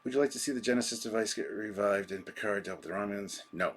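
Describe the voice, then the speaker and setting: A man's voice: lowish voice, fast. A man hosting a live stream, chatting casually and rambling through viewer comments with a self-deprecating manner.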